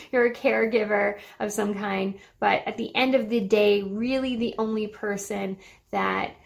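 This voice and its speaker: A woman's voice: a little high, vocal fry. A woman in her thirties hosting a motivational self-help talk, earnest and encouraging, with an occasional laugh. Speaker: podcast host.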